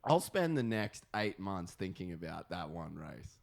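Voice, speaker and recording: A young Australian man with a lowish voice chats loosely on a podcast. He rambles and leans on fillers and swear words. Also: big pitch swings, unhurried, vocal fry. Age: 20s. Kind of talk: casual podcast chat.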